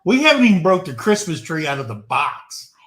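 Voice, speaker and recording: A man's voice: on the high side, very animated, fairly quick, a bit bright, echoey room. A man co-hosting a casual live stream, joking and teasing through easy banter.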